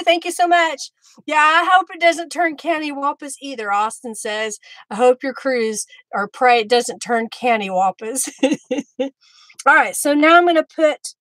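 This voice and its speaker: A woman hosting a live craft stream, chatting warmly with viewers by name as she works. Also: high-pitched, no echo. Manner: friendly, talks to viewers by name while working.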